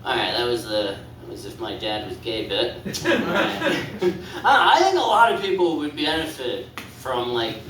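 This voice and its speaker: Rambling comedian, echoey club. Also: male voice, a little high, fairly bright tone, distant mic, a little hiss or hum. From Canada. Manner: rambling, hesitant, self-deprecating. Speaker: stand-up comedian. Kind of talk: stand-up set. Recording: echoey room, mic from afar.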